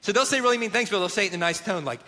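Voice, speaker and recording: A man with a bright, ringing tone and a somewhat high voice talks earnestly about marriage and faith. He tells stories with animation and acts out the quotes in them. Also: expressive, very fast. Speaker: co-host of a marriage show. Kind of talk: faith-based marriage talk.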